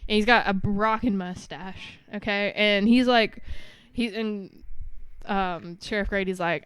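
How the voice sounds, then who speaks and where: A woman's voice: medium pitch, measured pace, clear, resonant tone. A young woman co-hosting a podcast, recapping a movie in casual chat, swearing and laughing often. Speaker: podcast co-host.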